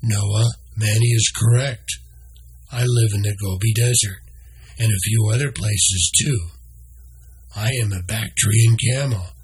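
A man voicing a talkative, proud male camel who speaks in a slow, friendly way. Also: lowish voice, fairly even intonation, husky, full character voice.

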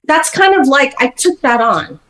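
Animated, slightly high-voiced woman in her 50s. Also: moderate pace. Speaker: podcast guest. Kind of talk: candid personal storytelling.

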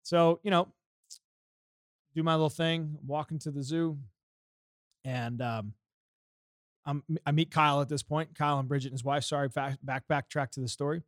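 A man's voice: a little high, steady tone, moderate pace, long pauses, no room sound, studio quality. A man from the United States telling a story on a podcast in a profane, heated way. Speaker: podcast co-host.

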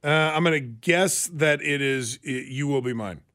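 A man co-hosting a radio show, chatting casually and reacting with animated disbelief. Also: mid-range voice, normal speed. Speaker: radio co-host. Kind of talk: casual chat.

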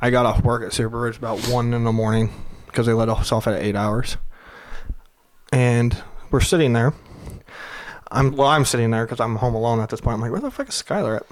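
A man's voice: medium pitch, fairly even intonation, brisk. A young man telling a rowdy drinking story in casual chat, laughing often and swearing freely.

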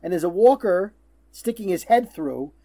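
Mellow-voiced middle-aged man hosting a podcast. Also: high-pitched, animated, normal speed. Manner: storytelling, teasing, stumbles on fillers. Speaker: podcast host. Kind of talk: casual podcast chat.

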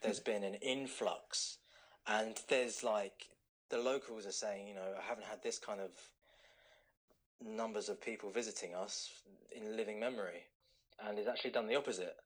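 A man's voice: fairly low pitch, fairly even intonation, normal speed, a bit bright, poor audio. A man from London with a British accent, a podcast guest telling his story in an easygoing, hesitant way with many fillers. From London, England. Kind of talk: casual podcast chat.

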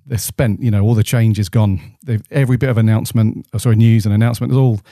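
A man's voice: on the low side, fairly even intonation, fast talker, warm tone, dry recording. A man co-hosting a podcast in casual, laid-back chat with plenty of fillers, on a studio mic. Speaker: podcast co-host.

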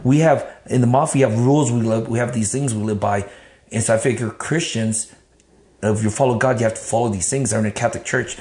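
A man telling his life story in an interview, blunt and animated, swearing freely. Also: mid-range voice, quick pace. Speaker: interview guest. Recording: roomy echo.

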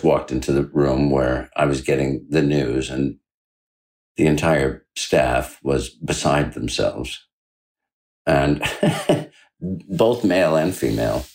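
A middle-aged man speaking as an interview guest, with a low, deep voice that swings widely up and down as he tells his story. He acts out the people he quotes. His manner is conversational and animated. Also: low-quality recording. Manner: animated anecdote-telling, acting out quoted dialogue with big jumps in pitch. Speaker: author and guest.

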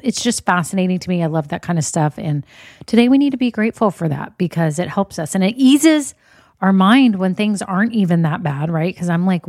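A woman's voice: lowish voice, darkish tone, dry recording, clean studio sound. A woman, hosting a podcast in an upbeat, chatty, encouraging way. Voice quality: slightly scratchy voice. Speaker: podcast host. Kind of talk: casual podcast chat.

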